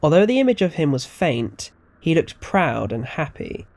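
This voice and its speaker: A man narrating a scripted audio story in a steady, measured reading voice. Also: fairly high pitch.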